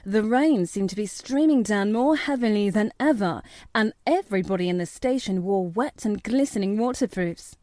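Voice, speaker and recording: A woman's voice: mid-range voice, animated, moderate pace, mellow, no room sound. Woman narrating an audiobook, dry. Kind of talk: scripted narration.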